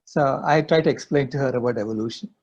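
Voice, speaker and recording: A man's voice: medium pitch, quick pace, darkish tone. An older man, a guest in an interview, earnestly telling a personal story. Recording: dull lo-fi audio.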